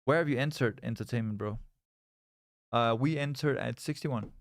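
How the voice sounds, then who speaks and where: A young man talks loosely to his stream, circling back and repeating himself as he reads chat. His voice has a gravelly fry to it. The sound is dry and close to the mic. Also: medium pitch, normal speed, dry recording. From Scandinavia. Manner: rambling, repeats words and restarts, reads chat aloud. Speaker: live-stream trader. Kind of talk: casual live-stream chat.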